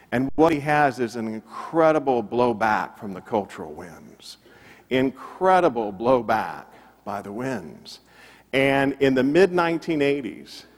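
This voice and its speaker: A male pastor preaching a sermon, emphatic and building his points through repetition. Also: mid-range voice. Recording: long reverb of a church hall.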